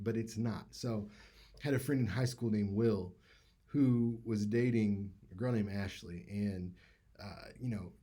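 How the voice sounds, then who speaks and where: Mellow-voiced male speech instructor. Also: fairly low pitch. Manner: conversational, uses many fillers. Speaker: public speaking instructor. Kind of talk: casual lecture.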